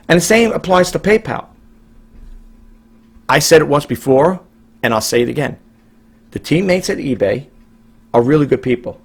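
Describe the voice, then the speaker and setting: Middle-aged guy from new york rambling on about his day, gravelly and kinda husky. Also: on the high side, expressive, normal speed, long pauses. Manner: rambling, repeats and restarts, emphatic. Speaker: online reseller vlogger. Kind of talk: casual monologue to camera.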